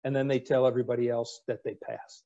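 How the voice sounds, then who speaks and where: Mellow-voiced older man telling stories. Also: medium pitch, quick pace, dull audio. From United States. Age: 60s. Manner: wry, relaxed storyteller with fillers. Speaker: guest speaker, retired navy captain. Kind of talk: anecdotal storytelling talk.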